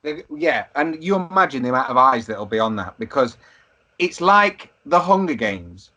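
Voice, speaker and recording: A man's voice: medium pitch, sing-song, moderate pace, pushed and bright, muffled recording. A man with young children, co-hosting a podcast in casual, swearing banter. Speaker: podcast co-host. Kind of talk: casual chat.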